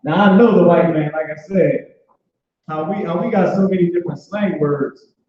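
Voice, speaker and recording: A man teaching an informal online language class, talking loosely with many restarts and filler words like "boom". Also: normal speed. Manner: loose, conversational, repeats "boom" and restarts often. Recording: echoey, dull online call audio.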